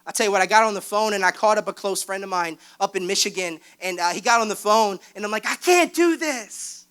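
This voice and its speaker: A man's voice: high voice, steady tone, fast talker, sharp tone, clear, resonant tone. A young man, a youth pastor, preaching a candid sermon that builds into fervent exhortation from a church stage. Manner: candid, self-deprecating, rising to fervent exhortation.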